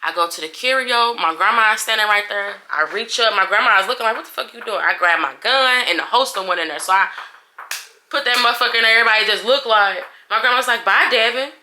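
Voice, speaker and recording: Woman vlogger, young adult, very bright sharp voice, animated, blunt and profane storytime. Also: mid-range voice, quick pace, a little hiss or hum. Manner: animated, profane, acts out everyone's lines. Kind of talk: casual storytime retelling.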